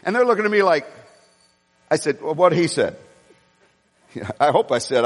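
Male pastor, high voice, animated storyteller mid-sermon, long hall reverb. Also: normal speed. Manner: storytelling, animated, swinging between low asides and raised emphasis.

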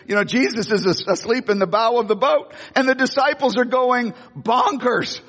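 Animated preacher man in a reverberant hall. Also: very high-pitched, moderate pace. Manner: animated, acts out voices, frequent restarts. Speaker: pastor. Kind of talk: sermon with storytelling.

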